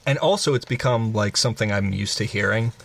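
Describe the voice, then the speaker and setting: A young man from northwest Indiana hosting a casual podcast, trading quick jokes with a friend. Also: lowish voice, creaky, fairly bright tone, breathy edge. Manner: joking, quick banter. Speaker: podcast host. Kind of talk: casual chat.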